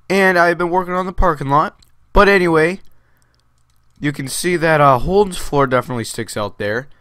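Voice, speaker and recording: A man's voice: a little high, fairly bright tone, clean tone, dry recording, clean studio sound. A man hosting a Minecraft video, giving casual gameplay commentary in a rambling way, full of fillers and restarts.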